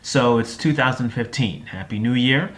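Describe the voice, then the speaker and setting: A man's voice: medium pitch, moderate pace. A man coaching on lifestyle design, giving a casual promotional talk full of fillers and tag questions. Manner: chatty storyteller, many fillers and tag questions. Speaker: lifestyle and time-management coach.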